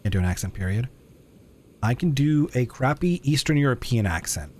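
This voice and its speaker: A man's voice: medium pitch, lively intonation, normal speed, a little mellow. A young man streaming a game live, chatting in self-mocking asides as he plays. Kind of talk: live gameplay commentary.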